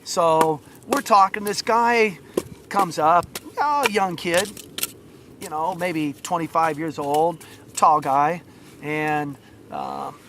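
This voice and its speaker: A man's voice: fairly high pitch, slow, background noise. A man telling a rambling anecdote to a listener in casual talk, with many asides. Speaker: storyteller.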